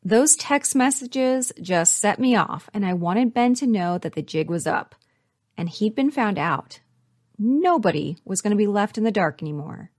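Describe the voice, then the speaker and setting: A woman's voice: medium pitch, lively intonation, moderate pace, a little mellow, dry recording, clean studio sound. A woman in an interview, candidly retelling a frightening personal experience, with blunt swearing and quoted asides.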